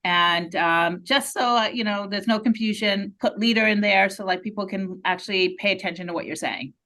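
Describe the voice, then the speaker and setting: A woman's voice: medium pitch, normal speed, sharp tone. A woman guest on a podcast, chatting in an upbeat, laughing way. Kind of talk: casual chat.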